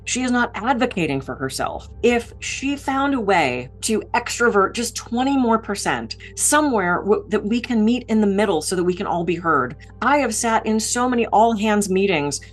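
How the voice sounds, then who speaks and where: Middle-aged woman keynote speaker, direct and high-energy, mid-pitched voice, faint music underneath. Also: expressive, moderate pace, hardly any pauses. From Pittsburgh, USA. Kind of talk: motivational talk to camera.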